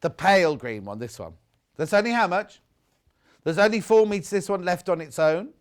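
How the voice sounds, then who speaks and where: A man's voice: sits high, lively intonation, moderate pace, clear, resonant tone. A man presenting fabrics on a live shopping channel, chatting and joking casually and reading out viewer messages. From United Kingdom. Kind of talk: casual live sales chat.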